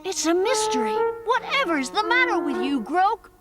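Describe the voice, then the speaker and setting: A woman voicing a gentle, curious young male troll in a cartoon, speaking earnestly and softly. The voice is dubbed over a cartoon music score. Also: very high voice, very animated, normal speed. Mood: protective. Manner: earnest, soft-spoken, easily puzzled. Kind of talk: cartoon voice acting.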